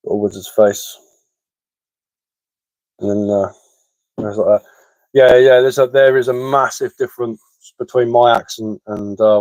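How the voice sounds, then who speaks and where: Here an English man with a blend of West Sussex and London in his accent hosts a live stream, where he carves wood and casually responds to viewer comments. His mid-range voice is darkish in tone, and his manner is matter-of-fact and chatty, full of ums and repeated words. The recording has no echo but is of poor quality.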